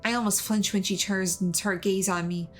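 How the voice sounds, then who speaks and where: A woman reads story narration from a game aloud at a steady, even pace, at an ordinary middle pitch. Faint music sits under her voice on this stream. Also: moderate pace. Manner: steady, even reading, laughs often. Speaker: streamer reading a visual novel.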